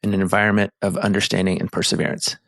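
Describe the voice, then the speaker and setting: A man's voice: low voice, flat delivery, quick pace, creaky, a bit bright, dry recording, studio quality. A man co-hosting a marriage therapy show, explaining in earnest casual chat with many restarts and fillers. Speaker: marriage therapist and podcast co-host.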